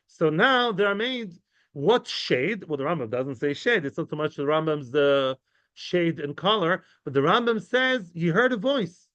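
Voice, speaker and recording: Male Talmud teacher, lively and chatty, high-pitched, dry slightly muffled sound. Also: unhurried, no echo. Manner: animated, chatty, mixes English with Hebrew and Yiddish terms. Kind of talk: informal Talmud class.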